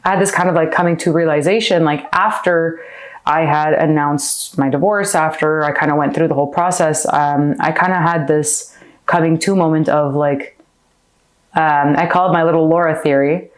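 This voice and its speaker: Brief: low-voiced woman, candid podcast guest, heartfelt and chatty. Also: fairly even intonation, normal speed. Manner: heartfelt, chatty, heavy on fillers like "like". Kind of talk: candid personal interview.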